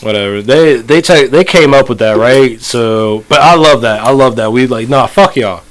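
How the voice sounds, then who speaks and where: A man co-hosting a casual podcast chat, telling profane stories in an animated way. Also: mid-range voice, normal speed, low-quality recording. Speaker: podcast co-host.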